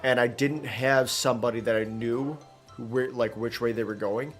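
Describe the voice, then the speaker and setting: A man's voice: medium pitch, fairly even intonation, normal speed, faint music behind. Chatty male streamer, rambling commentary. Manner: rambling, chatty, with many fillers and restarts. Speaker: gaming streamer. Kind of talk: casual live gameplay commentary.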